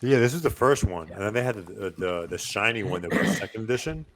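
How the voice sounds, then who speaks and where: A man's voice: lowish voice, expressive, quick pace, fairly bright tone. A man bantering crudely as a podcast co-host in casual chat.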